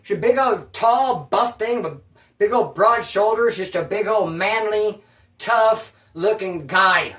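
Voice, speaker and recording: A man's voice: high voice, slow, a bit bright, reverberant, far from the mic. A man telling a story from his past in casual, profane street slang, rambling and repeating himself.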